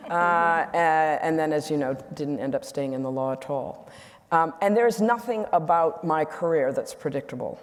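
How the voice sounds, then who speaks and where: Guest speaker, woman in her 60s; slightly low, candid storyteller who corrects herself, in a reverberant hall. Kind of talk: onstage conversation with anecdotes. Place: event hall.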